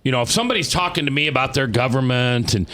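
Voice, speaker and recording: Hosting a talk radio show, this man keeps it casual, wandering off on tangents, starting sentences over, and stretching words to stress them. He has an expressive, medium-pitched voice with a fairly bright tone.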